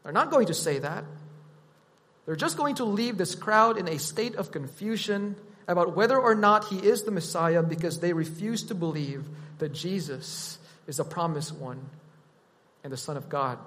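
A man preaching a sermon, teaching in a deliberate, emphatic way. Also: sits high, lively intonation, a bit bright, in a large hall.

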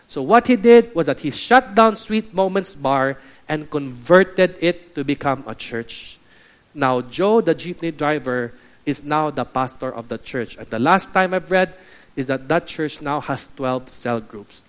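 A man's voice: fairly high pitch, lively intonation, a little slow. A man with a Filipino accent preaching a sermon as pastor, emphatic and exhorting, repeating key phrases.

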